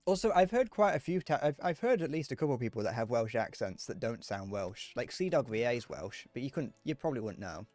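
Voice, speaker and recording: Rambling through casual gaming chat with viewers, a young Northern Irish streamer laughs at his own jokes. His medium-pitched, darkish voice swings a lot in pitch as he talks quickly with barely any pauses. No echo, just soft background music.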